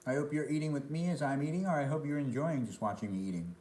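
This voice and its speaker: A talkative man at a middle pitch, eating dinner live and answering his chat as he chews. His voice carries a roomy echo around it. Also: quick pace, few pauses, warm tone, slight background noise. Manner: chatty, reads and answers chat comments aloud; talks between bites of food. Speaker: live streamer. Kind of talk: casual live-stream chat while eating.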